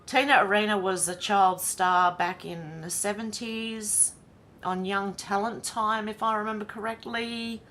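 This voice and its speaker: A woman's voice: medium pitch, steady tone, measured pace, fairly bright tone, slight background noise. Chatty Australian woman livestreaming. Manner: chatty, reads comments aloud and reacts with laughs. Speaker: livestream host. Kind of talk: casual livestream commentary.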